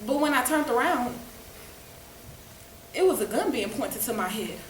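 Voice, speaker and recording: A woman's voice: a little high, lively intonation, measured pace. A woman giving a dramatic first-person story, acting out the dialogue vividly. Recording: echoey room, distant mic, faint noise.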